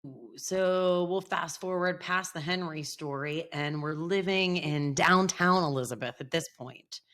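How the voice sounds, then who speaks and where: Low-voiced woman co-host who giggles. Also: measured pace, a bit bright. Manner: giggly, blunt, swears casually. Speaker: podcast co-host. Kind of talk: casual chat.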